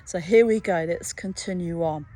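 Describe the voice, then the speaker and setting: A woman reading a folktale aloud as a storyteller, unhurried, with chatty personal asides. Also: fairly low pitch, dark tone.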